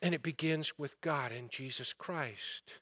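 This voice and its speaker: A man's voice: a little high, unhurried, pushed and bright. A man preaching a sermon, asking the listeners rhetorical questions and retelling a parable with rising fervor. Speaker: pastor.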